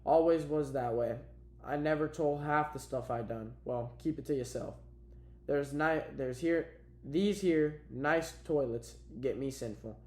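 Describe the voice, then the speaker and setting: A man's voice: on the high side, measured pace, darkish tone, close to an everyday voice. A man reading as a brooding, guilt-ridden old farmer. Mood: glum. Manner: glum, brooding drawl. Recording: roomy echo.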